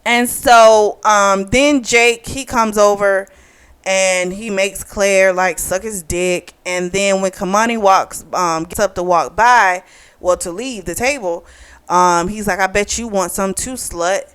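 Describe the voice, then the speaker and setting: A woman's voice: medium pitch, slow, fairly bright tone, clear, resonant tone. A woman hosting a book club channel, giving a chatty, opinionated review full of fillers.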